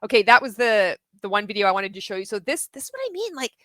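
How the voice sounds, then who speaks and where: A woman's voice: mid-range voice, big pitch swings, fast, a bit bright, no echo. A woman hosting a commentary video, sarcastic and exasperated, with mocking laughs and the odd swear.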